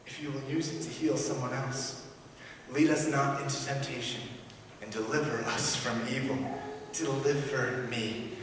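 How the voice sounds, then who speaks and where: Pastor preaching in an echoey church. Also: male voice, mid-range voice, fairly even intonation, normal speed, slight background noise. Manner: earnest preaching, swings from loud emphatic to hushed. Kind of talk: sermon. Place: large church sanctuary. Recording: echoey church hall from far off.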